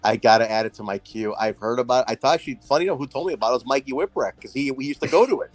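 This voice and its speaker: A man's voice: medium pitch, rapid-fire, no room sound, soft background music. A man co-hosting a casual late-night stream chat, laid-back and swearing freely, sometimes drawling. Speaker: podcast co-host.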